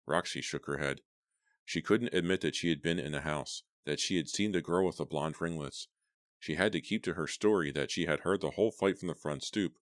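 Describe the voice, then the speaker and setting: A man narrating a horror novel as an audiobook, steady and deliberate. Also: a bass voice, dry recording, studio quality.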